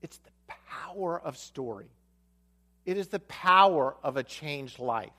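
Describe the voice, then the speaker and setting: A man delivers a sermon, retelling a scripture story and voicing its characters. His voice sits a little high and moves through a wide, animated range. He repeats key lines for emphasis. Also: measured pace. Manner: storytelling, acts out the dialogue of a Bible story. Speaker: pastor.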